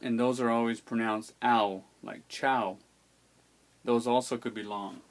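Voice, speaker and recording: A language teacher with a mid-range voice patiently explains how to pronounce the letters of an alphabet, sounding out each one aloud. His tone is steady and his pace a little slow.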